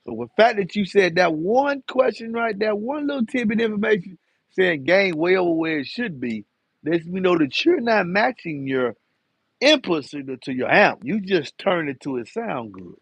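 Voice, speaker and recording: A man hosts a live car audio Q&A in a relaxed, talkative way, teasing viewers as he reads their comments. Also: high-pitched, normal speed, breathy edge, dry recording. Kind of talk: casual live-stream Q&A.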